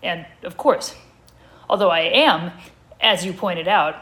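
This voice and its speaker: A woman's voice: lowish voice, slow pace, fairly bright tone. A woman voicing an awkward, wary adult man who hesitates and backpedals, as part of a comic story reading at a live show.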